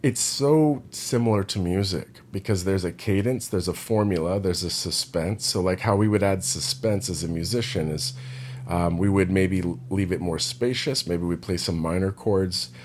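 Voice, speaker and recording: A man's voice: low-pitched, moderate pace, darkish tone, a little hiss or hum. A man who is an indie rock singer, talking in a casual, rambling vlog style with lots of "like" and loose asides. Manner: loose and meandering, heavy use of "like".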